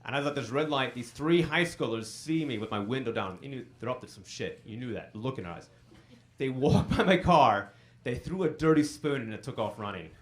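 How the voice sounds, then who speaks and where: A man's voice: mid-range voice, a little fast. A man in his forties doing a stand-up comedy set on a club stage, telling stories and acting out quotes in sudden bursts. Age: 40s. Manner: animated storytelling, acts out quotes in bursts.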